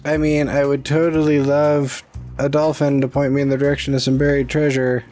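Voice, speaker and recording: A man giving casual gameplay commentary, rambling to himself as he plays and drifting into halting personal stories. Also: mid-range voice, little pitch movement, darkish tone, soft background music. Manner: rambling, talks to himself while playing; reminisces in a loose, halting storytelling way. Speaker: let's play host.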